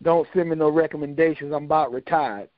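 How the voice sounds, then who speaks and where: Older man, folksy joking storyteller, slightly high voice, dry sound. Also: a little fast, dry recording. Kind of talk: casual storytelling. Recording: dull, lo-fi dry recording.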